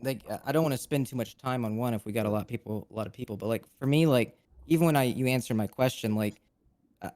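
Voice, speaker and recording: A man's voice: medium pitch, quick pace, a little mellow, no echo. A man playing a mock investor judge, stammering and thinking aloud in casual banter.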